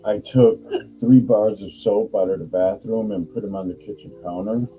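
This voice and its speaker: A man's voice: fairly low pitch, fairly even intonation, normal speed, warm tone, a little hiss or hum, low-quality recording. A man co-hosting a podcast in casual chat, often giving short dry replies. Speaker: podcast co-host.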